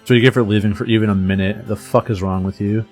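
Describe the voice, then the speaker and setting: A man's voice: lowish voice, fairly even intonation, fast, a little mellow, faint music behind. A man streaming a story game, making crude, joking asides between lines as he reads. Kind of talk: casual gameplay commentary.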